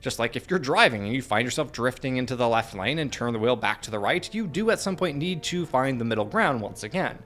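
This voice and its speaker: A man narrating a scripted video essay in an earnest, measured way, with dry asides. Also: medium pitch, animated, fairly bright tone.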